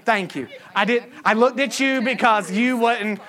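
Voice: mid-range voice, measured pace, a bit bright. A pastor preaching a humorous sermon to a congregation, acting out quoted voices. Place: church service with a congregation.

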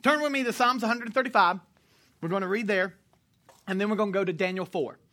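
A pastor preaching to a congregation in church, animated and joking, sometimes shouting. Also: male voice, high voice, a little fast. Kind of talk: sermon.

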